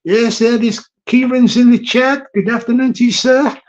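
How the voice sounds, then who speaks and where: A man's voice: extremely high pitch, steady tone, normal speed, a little mellow, muffled recording. A man hosting a live stream, chatting casually and jokily with viewers and greeting them from the chat. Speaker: livestream host. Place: London.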